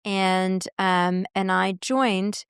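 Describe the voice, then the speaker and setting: A woman guest in a podcast interview, telling workplace stories in an animated way and acting out quoted dialogue. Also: medium pitch, drawn-out words, smooth, no room sound, clean studio sound. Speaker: guest, marketing executive and coach.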